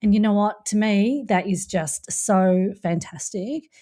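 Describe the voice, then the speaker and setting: Woman podcast host, mellow warm tone, playful and encouraging, casual chat. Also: mid-range voice, unhurried. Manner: playful, jokey, warmly encouraging.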